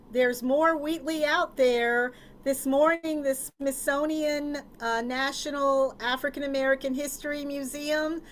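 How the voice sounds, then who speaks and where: A woman's voice: high-pitched, a little hiss or hum. A woman panelist sharing news on a video call, precise and correcting herself as she goes. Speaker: faculty panelist. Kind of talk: informative closing remark.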